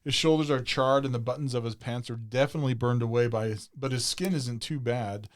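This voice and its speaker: A man's voice: mid-range voice, a little fast. Man reading funny stories, laughing often. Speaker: podcast co-host.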